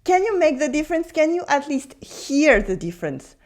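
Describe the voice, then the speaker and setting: A woman's voice: high-pitched, sing-song, darkish tone. A woman with a French accent teaching pronunciation in English, patiently modeling words and repeating them for the listener. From France. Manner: patient, drills words slowly with repetitions. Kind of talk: pronunciation lesson.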